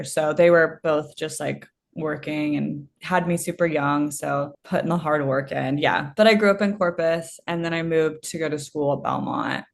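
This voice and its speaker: Young woman from texas, lowish voice, chatty, filler-heavy, casual podcast guest. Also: creaky. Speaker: singer-songwriter guest.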